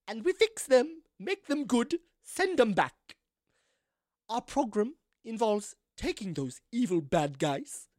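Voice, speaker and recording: A prim, over-articulated woman mayor speaks with crisp consonants and a curious accent, as a man puts her on. Her voice sits higher and swings about, recorded close and dry. It sounds like tabletop role-play. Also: no echo, heavily acted. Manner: odd put-on accent.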